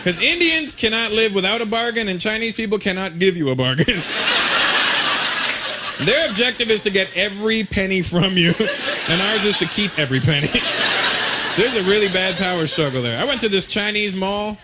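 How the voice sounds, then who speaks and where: A man with a high voice works a live crowd with a stand-up routine, animated and mocking as he slips into voices. The live recording is buried under heavy background noise. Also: moderate pace. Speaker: stand-up comedian. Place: on stage before a live audience.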